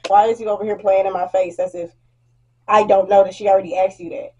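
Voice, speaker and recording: A young woman vlogger telling a blunt, animated storytime rant about work, acting out what customers said and swearing freely. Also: medium pitch, fast talker, muffled recording, a little hiss or hum.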